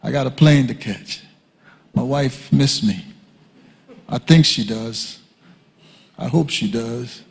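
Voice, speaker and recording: Older man, gravelly and husky voice, conversational teaching talk with joking asides, long hall reverb. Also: mid-range voice, takes it slowly, long pauses. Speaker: guest speaker at a church leadership conference. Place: church hall.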